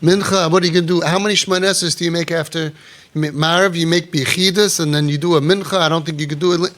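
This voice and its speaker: A middle-aged man teaching a sermon, telling stories animatedly and acting out bits of dialogue before dropping to a quiet murmur. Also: fast talker. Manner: animated, acts out dialogue with sudden drops to a low murmur. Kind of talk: storytelling sermon.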